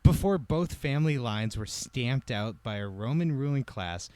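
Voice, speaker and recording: A man telling a comedic history story on a podcast, wry and profane, with lively delivery. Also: medium pitch, moderate pace, no echo.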